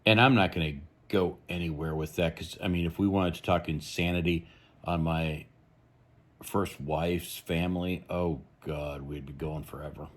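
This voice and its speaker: A man's voice: sits low, steady tone, moderate pace. A man hosting a true crime channel, giving blunt, rambling, opinionated commentary.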